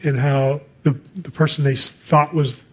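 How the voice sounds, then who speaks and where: A man's voice: on the high side, fairly even intonation, moderate pace. A man preaching a sermon in a conversational way, reading scripture and adding casual asides.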